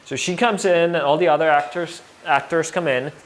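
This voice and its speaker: A man as an interview guest, telling a story casually, animated and full of fillers, acting out what others said. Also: fairly high pitch, moderate pace. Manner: animated, acts out quoted voices, many fillers.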